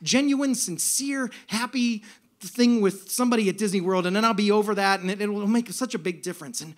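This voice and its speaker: A man telling a comic personal story live on stage, in an animated, self-mocking way. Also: sits high, brisk. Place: stage at a music venue.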